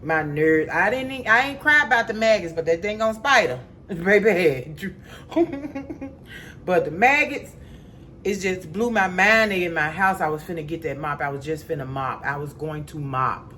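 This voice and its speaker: A woman telling a story to her viewers at home, dropping to low mutters and jumping to high panicked cries. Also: expressive, normal speed, sharp tone, slight background noise. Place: home indoors.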